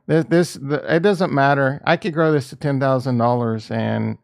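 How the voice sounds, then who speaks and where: A man's voice: mid-range voice, steady tone, moderate pace, vocal fry. A man streaming live, thinking aloud as he trades crypto, with a rambling, casual and profane manner. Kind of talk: casual livestream chat.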